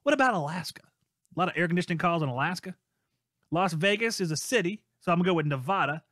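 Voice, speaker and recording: A man's voice: high-pitched, lively intonation, quick pace, a bit bright, dry recording, clean studio sound. A man hosting a live podcast in a casual, playful way, reading out listener guesses and teasing them. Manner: playful, reads out listener messages and teases guesses. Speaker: podcast host.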